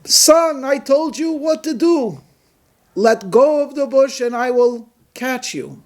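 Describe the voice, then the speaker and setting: A man voicing God as a calm, commanding voice that speaks in slow, emphatic lines. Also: very high-pitched, pitched above the performer's own voice, heavily acted.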